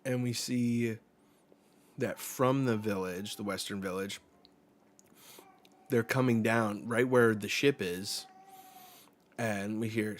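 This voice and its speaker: A man runs a live manga reaction, walking through each panel out loud in a blunt, profane way. His voice sits a little low, and he takes his time between phrases. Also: fairly even intonation, slow pace, long pauses. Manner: summarizes panels aloud.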